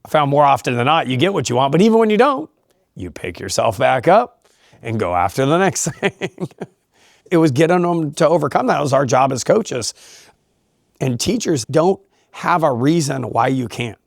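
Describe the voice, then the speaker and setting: Gravelly, emphatic wrestling coach. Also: male voice, on the high side, sing-song, moderate pace, no echo, studio quality. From California. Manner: emphatic, motivational, laughs often. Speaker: high school wrestling coach. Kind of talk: casual interview talk.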